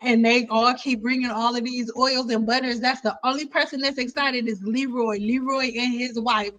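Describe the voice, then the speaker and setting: A woman hosting a hair care live stream, joking around in a playful, animated way and repeating lines for effect. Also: fairly high pitch, moderate pace, rough recording.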